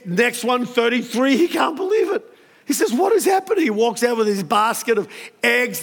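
High-voiced preacher in a hall. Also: male voice. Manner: animated, acts out characters with sudden high exclamations. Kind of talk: storytelling sermon. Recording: long hall reverb.

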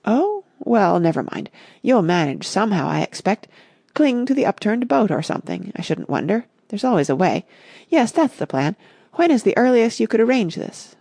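A woman reading the part of an eager, excitable young gentleman in a storybook, brisk and exclamatory. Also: medium pitch, vocal fry, breathy edge, no room sound, studio quality, voice pushed up, full character voice.

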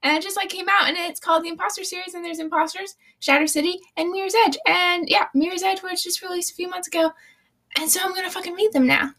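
A young woman co-hosts a loose, chatty book discussion, with a high voice and plenty of gravelly fry. Her tone is bright and sharp, and she swears and laughs freely as she recaps. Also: steady tone, fast. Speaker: podcast co-host. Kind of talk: casual book-club chat.

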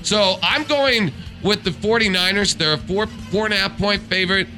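Sports radio host, male, high, very bright tone, light music under him. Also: normal speed. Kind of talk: casual sports betting chat.

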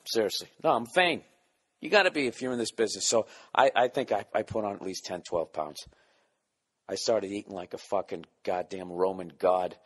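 A man hosting his podcast, rambling comedically with lots of swearing and self-mockery, keeping his voice down at times. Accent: Boston. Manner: profane, self-mocking, jumps into silly voices; keeping voice down, quiet and low at times. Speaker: podcast host.

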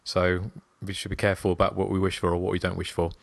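A man's voice: deep voice, monotone, fast talker, creaky, dry recording. A man hosting a casual podcast chat, talking in a rambling, chatty way. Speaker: podcast host.

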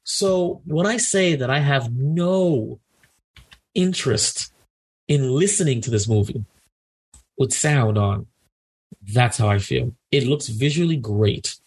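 Husky-voiced man ranting casually. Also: medium pitch, slow pace, pauses often. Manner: animated, indignant ranting with many restarts. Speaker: podcast co-host. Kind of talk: casual chat.

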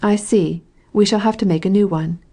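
A woman's voice: medium pitch, normal speed, dark tone, natural voice. A woman reading the lines of a stubborn male carpenter, in an obstinate, persuasive way. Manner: obstinate, wheedling.

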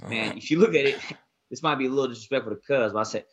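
A man co-hosting a casual basketball podcast, talking fast and emphatically and leaning on "most importantly". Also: medium pitch, a bit bright, slight background noise. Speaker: podcast co-host, basketball analyst. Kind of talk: casual sports talk.

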